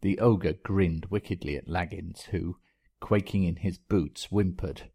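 Male storyteller, very low and husky, unhurried reading. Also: warm tone. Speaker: story reader.

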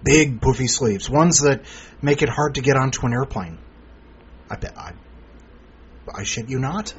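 A man's voice: medium pitch, expressive, a little slow, slight background noise. A man hosting a podcast, introducing contributors with rambling, sarcastic jokes. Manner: rambling, jokey, sarcastic asides. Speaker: podcast host. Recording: dull lo-fi recording.

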